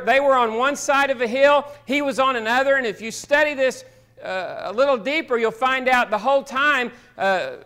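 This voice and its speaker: A man's voice: extremely high pitch, sharp tone, smooth. A man preaching a sermon, telling a story in a folksy, homespun way. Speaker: pastor.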